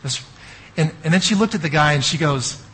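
A man preaching a sermon as a pastor, telling an animated story with asides to the audience. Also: fairly high pitch, fairly quick, breathy edge, low-quality recording.

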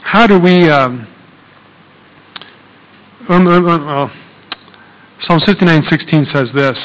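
A man's voice: a little high, takes it slowly, fairly bright tone, long reverb tail, lo-fi sound. A man preaching a sermon in a conversational way, often checking in with "okay?" and using fillers. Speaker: pastor.

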